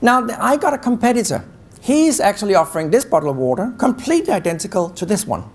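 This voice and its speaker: A man's voice: sits high, very animated, fast. A man giving a live talk on negotiation, teasing the audience with rhetorical questions. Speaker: keynote speaker on negotiation.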